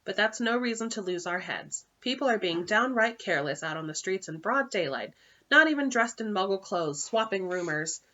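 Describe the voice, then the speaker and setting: Stern older witch professor, read by a woman, brisk and irritable; muffled lo-fi audio. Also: mid-range voice, lively intonation, fairly bright tone, close to an everyday voice.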